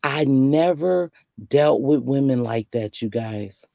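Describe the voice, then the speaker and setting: A woman in her sixties hosting a casual late-night chat, telling lively stories and acting out the voices she quotes. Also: a bass voice, takes it slowly, gravelly, no room sound. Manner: lively storyteller who acts out quoted voices. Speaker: host.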